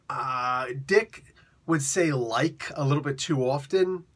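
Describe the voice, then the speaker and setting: A man talks through a comic book review in a loose, chatty way, tossing asides to his audience. His voice sits a bit high for a man and has a husky, breathy grain. He often restarts his words. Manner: chatty and animated, with frequent rhetorical asides. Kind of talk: casual spoken comic review.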